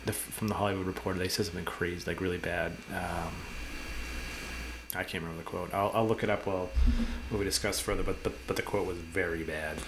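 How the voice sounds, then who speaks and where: A man with a fairly low voice co-hosts a casual podcast, rushing through his thoughts at a brisk clip. He trips over restarts and repeats words as he goes, and faint noise hums underneath. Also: fairly even intonation. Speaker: podcast co-host. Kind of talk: casual chat.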